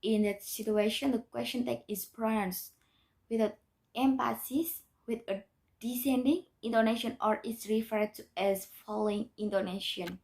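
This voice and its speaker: A woman's voice: on the high side, fairly even intonation, normal speed, a little mellow. A young woman, a student, reading a grammar lesson aloud in a careful, methodical way with small restarts. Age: young adult. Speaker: student presenter.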